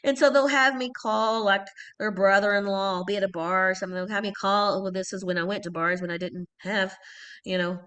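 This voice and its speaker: A middle-aged woman from Texas, an actress telling stories in a casual interview, animated and laughing often. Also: medium pitch, a little fast, clean tone. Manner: animated storyteller, laughs often, acts out quotes. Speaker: guest actress.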